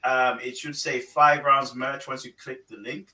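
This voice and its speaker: Bright-voiced man, brisk and distant from the mic. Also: mid-range voice, little pitch movement, echoey room. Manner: brisk, breaks in to read comments and promote merch. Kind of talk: casual panel chat.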